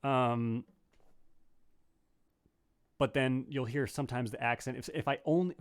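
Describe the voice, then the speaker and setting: A man's voice: medium pitch, fairly even intonation, a little slow, clear, resonant tone, soft background music. A man answering viewers' questions in a casual livestream banjo lesson, thinking aloud with many fillers and restarts. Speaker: banjo teacher. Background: banjo playing between phrases.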